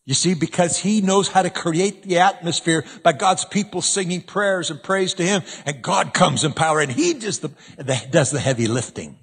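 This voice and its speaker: A man preaching a sermon in a church, animated, swinging between loud emphasis and hushed asides. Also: fairly high pitch, moderate pace, few pauses, breathy edge, long reverb tail.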